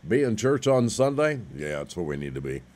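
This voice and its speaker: Low-voiced earnest male preacher. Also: very animated, fairly quick, darkish tone. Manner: earnest, conversational, with dry jokes. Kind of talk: radio sermon.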